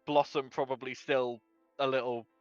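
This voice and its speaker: A man's voice: medium pitch, little pitch movement, normal speed, dry recording. Guy running a d&d game, rambly descriptions, dry muffled mic, faint music. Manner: loose, rambling descriptions with fillers. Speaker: game master. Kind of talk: narrating a tabletop game.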